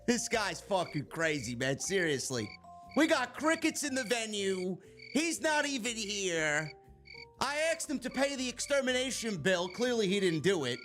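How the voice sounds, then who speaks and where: A man with a New York accent, host of a wrestling review show, ranting in a loud, profane, mock-annoyed way and shouting at times. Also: high voice, big pitch swings, moderate pace, faint music behind. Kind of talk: profane comedic rant.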